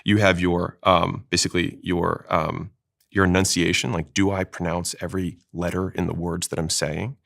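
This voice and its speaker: A man talking fast as a sales trainer, explaining with examples in an interview. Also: low-pitched, level tone, creaky, a bit bright. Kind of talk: casual interview talk.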